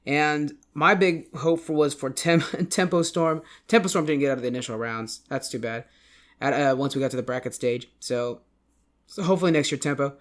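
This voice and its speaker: Guy hosting a gaming podcast, kinda high voice, rambles and corrects himself a lot. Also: moderate pace. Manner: rambling, self-correcting esports recap. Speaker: podcast host. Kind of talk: casual podcast chat.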